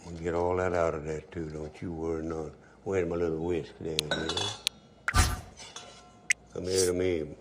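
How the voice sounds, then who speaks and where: This older cook speaks in a low voice with flat delivery at normal speed, leaving long pauses. He's at the stove in his home kitchen, folksy and chatty, telling a story and talking to himself over some background noise.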